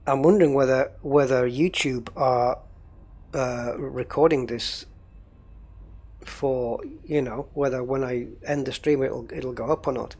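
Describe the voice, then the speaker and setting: A man's voice: mid-range voice, fairly even intonation, measured pace, a little mellow. A man running a gaming livestream, rambling casually and thinking aloud while he troubleshoots.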